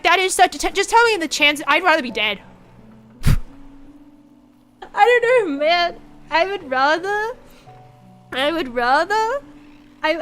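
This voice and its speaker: A young woman streaming a casual chat, her voice high and bright. She rambles in a frank, profane, animated way, and faint music plays behind her. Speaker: VTuber streamer.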